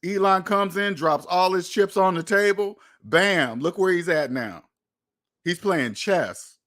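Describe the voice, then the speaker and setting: A man hosting a finance channel speaks in a fairly high voice. He talks straight to his viewers in an emphatic, repetitive way, with the odd swear word thrown in. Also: a little slow, fairly bright tone. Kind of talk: casual monologue commentary.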